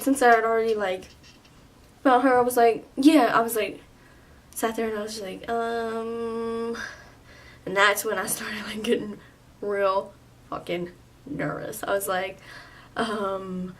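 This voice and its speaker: A woman in her twenties telling a storytime vlog, animated and full of "like", with some swearing. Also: on the high side, measured pace, pauses often, far from the mic. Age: 20s. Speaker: vlogger.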